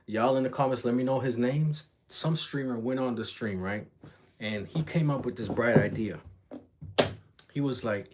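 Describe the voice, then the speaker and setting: A young man chats loosely on a livestream, piling on profane slang as he retells a story. He jumps into quick impressions of other people mid-sentence, and his voice sits at an ordinary middle pitch. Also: background noise. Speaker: reaction vlogger. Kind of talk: casual livestream commentary.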